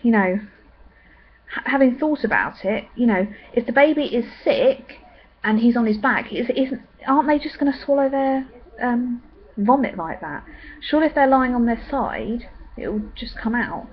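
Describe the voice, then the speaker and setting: A young woman chatting in a rambling way with many pauses and ums. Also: a little high, lively intonation, highs cut off. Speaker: vlogger. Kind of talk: casual pregnancy update vlog.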